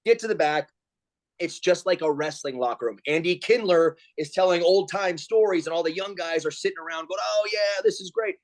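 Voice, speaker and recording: Fairly high-pitched and fairly quick, the man is in his forties and appears as a guest over video call. As a pro wrestler and comedian, he tells lively stories, delivering other people's lines in raised voices.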